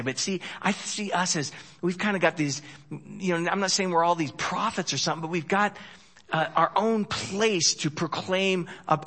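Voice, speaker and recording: A man preaching a sermon in a folksy, joking way, swinging from loud emphasis to hushed storytelling. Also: on the high side. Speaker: pastor.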